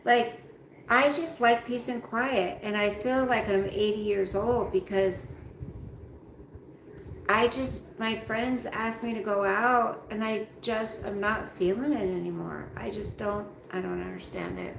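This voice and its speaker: A tired woman hosts a relaxed livestream, slowly rambling and greeting viewers by name. Her voice has a gravelly edge and sounds tired. The room is echoey, with a faint hum behind her. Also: mid-range voice. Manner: slow, rambling, talks straight to chat by name. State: tired, yawning. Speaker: livestream host reading chat. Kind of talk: casual live chat with viewers. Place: at home, roomy room.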